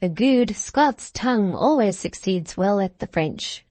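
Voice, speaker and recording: A woman's voice: mid-range voice, lively intonation, a little slow, a little mellow, no room sound. A woman reading the lines of a genial older father who teases his daughter fondly, in an indulgent manner. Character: fond, genial older Scots father, gently teasing.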